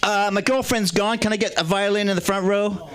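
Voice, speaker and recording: A man's voice: sits high, steady tone, brisk, crowd noise. Brash bawdy man doing stand-up. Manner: brash, bawdy, self-mocking. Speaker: stand-up comedian. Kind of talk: stand-up set. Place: comedy club stage.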